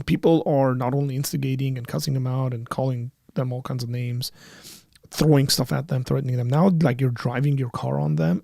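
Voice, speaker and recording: Male host, gravelly mid-range voice, dry close sound; conversational and emphatic, pitch rising sharply when worked up. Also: mellow, no echo. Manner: acts out both sides of remembered dialogue. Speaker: host of a call-in apologetics panel. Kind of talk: live call-in discussion, personal anecdote.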